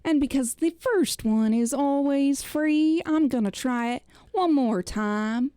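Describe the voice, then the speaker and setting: A woman putting on an exaggerated, halting Southern drawl as a joke impression. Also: high-pitched, dark tone, dry recording, clean studio sound, voice pushed up. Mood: teasing.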